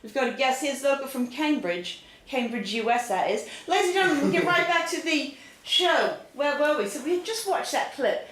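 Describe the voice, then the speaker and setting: A woman with a high voice hosts a mock talk show in a theatrical, giggly way. She keeps turning to the audience. Her voice echoes around a roomy space. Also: expressive, a little fast, a bit bright. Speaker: comedic talk show host. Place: home studio, roomy. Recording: echoey room.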